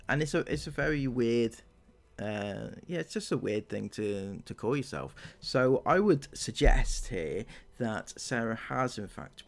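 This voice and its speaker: Man, reaction commentary, sarcastic, gravelly voice, lively pitch. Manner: mocking, sarcastic, full of fillers. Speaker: commentary channel host.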